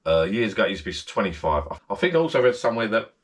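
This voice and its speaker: A man's voice: lowish voice, very animated, racing. A man hosting a casual vlog from his backyard garden shed bar, rambling and repeating himself as he chats straight to his viewers. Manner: rambling, repeats himself, friendly direct address. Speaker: channel host.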